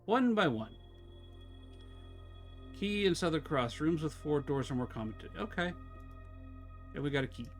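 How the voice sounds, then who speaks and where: A man live-streaming a game, chatting casually with his viewers as he plays, talking fast and slurring his words together. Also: fairly high pitch, animated, faint music behind. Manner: chatty, talks to chat while fiddling with settings. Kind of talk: casual live-stream chat while gaming.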